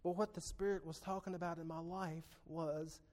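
Male preacher, high voice, sermon on a church mic, call-and-response delivery with sudden loud swells. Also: steady tone, moderate pace. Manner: call-and-response, asks the congregation for amens; swings between soft, low asides and loud emphatic peaks. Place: church sanctuary. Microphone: PA microphone.

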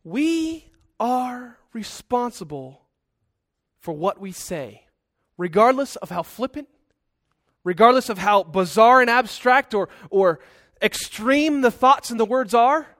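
A male pastor preaches a sermon earnestly, slipping in conversational asides. His fairly high, fairly bright voice moves unhurriedly, recorded dry and close to the mic with no echo.

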